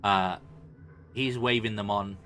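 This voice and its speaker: A man narrating a tabletop game as dungeon master, in a relaxed, halting way with many fillers. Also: on the low side, over music.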